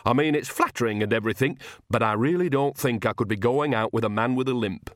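A man voicing a flustered, bawdy old witch woman who squeaks high when shocked. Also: quick pace, no room sound, studio quality, close to an everyday voice. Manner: shrill, easily shocked.

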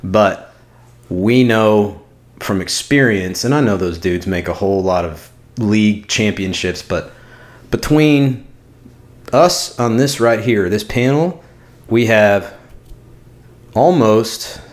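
A male podcast co-host with a lowish voice chats casually and swears freely, breaking into animated bursts as he makes his points. He speaks slowly with long pauses.

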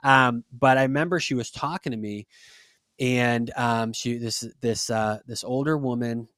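A man's voice: medium pitch, unhurried, fairly bright tone, smooth, no room sound, clean studio sound. A young man hosting a faith podcast, talking in an earnest, encouraging, preachy way, with frequent restarts. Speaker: podcast host. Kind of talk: casual faith podcast talk.

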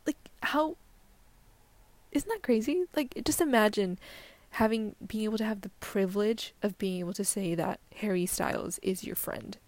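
A woman's voice: medium pitch, moderate pace, darkish tone, no room sound. A young woman hosting her own solo podcast, rambling casually with lots of fillers and swearing, often dropping to a near-whisper. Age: young adult. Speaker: podcast host.

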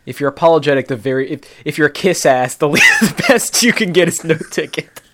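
A man's voice: on the high side, big pitch swings, fairly quick, heavy background noise. A man co-hosting a podcast in casual movie chat, joking and laughing often. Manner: jokey, laughs a lot. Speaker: podcast co-host.

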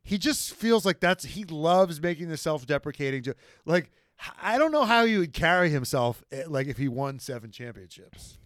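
A man co-hosts a casual podcast, cracking profane jokes and tripping over his restarts. His voice sits a little high and swings widely in pitch. The recording is dry and close. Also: expressive, moderate pace, no echo. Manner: profane, joking, stumbling restarts. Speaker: podcast co-host. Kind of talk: casual chat.

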